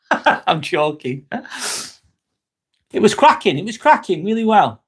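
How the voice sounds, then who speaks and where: A man's voice: high voice, big pitch swings, takes it slowly, breathy edge. A man hosting a casual live stream, joking, laughing often and answering chat comments.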